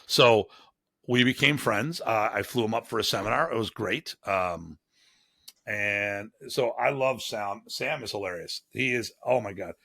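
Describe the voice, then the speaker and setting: A man from Buffalo, New York spins casual stories as a guest, his voice gravelly and bright. He acts out the people he quotes with animated jumps in his delivery. The sound is dry and close. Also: on the low side, measured pace, no echo. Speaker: guest, martial arts instructor. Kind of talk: casual storytelling.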